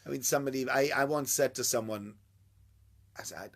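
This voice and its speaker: A man's voice: mid-range voice, fairly quick, long pauses, a bit bright. A man giving an informal Torah class, chatty and joking with his listeners. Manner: chatty, jokey, banters with listeners. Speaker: Torah teacher.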